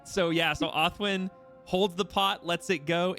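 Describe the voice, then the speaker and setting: A man running a tabletop game as game master, narrating in a lively, animated way with frequent restarts. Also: fairly high pitch, moderate pace, faint music behind.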